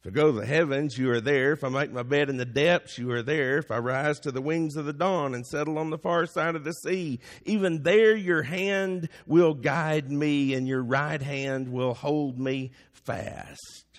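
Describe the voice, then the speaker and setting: A man's voice: a little high, moderate pace, hardly any pauses. A man preaching a sermon as pastor, building to emphatic peaks. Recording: long hall reverb.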